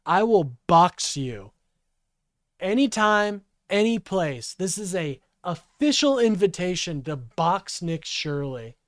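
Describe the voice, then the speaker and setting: A man's voice: high voice, big pitch swings, takes it slowly, dry recording, studio quality. A man in his twenties giving profane, heated reaction commentary on a clip. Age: 20s. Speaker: political streamer.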